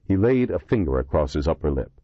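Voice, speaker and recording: A man reading a horror thriller audiobook in expressive, measured narration. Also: extremely low pitch, no echo. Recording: dull lo-fi dry recording.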